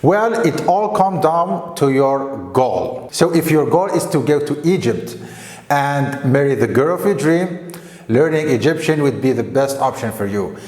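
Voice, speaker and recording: A man teaches slowly and deliberately, often checking in with "okay?". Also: medium pitch, animated, a little mellow. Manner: slow and deliberate, with frequent "okay?" check-ins. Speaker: Arabic teacher. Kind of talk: explaining to camera. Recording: echoey room with long reverb.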